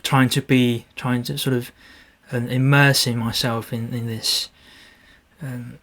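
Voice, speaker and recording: A man talking casually about his landscape photographs in a vlog, halting and restarting often with small self-deprecating asides. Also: mid-range voice, level tone, fairly bright tone.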